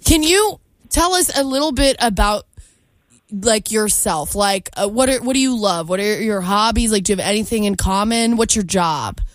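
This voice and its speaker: A woman's voice: medium pitch, animated, moderate pace, no echo. A woman co-hosting a radio show, teasing the caller and laughing. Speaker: radio co-host. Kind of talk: radio call-in chat.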